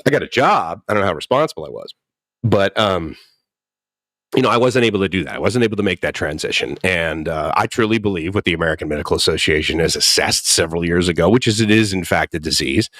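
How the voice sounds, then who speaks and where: 50s guy telling his recovery story, lowish voice, chuckles a lot, super dry close sound. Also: quick pace, no echo. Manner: animated storyteller, chuckles often and acts out quotes. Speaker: guest speaker in recovery. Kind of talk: candid personal talk.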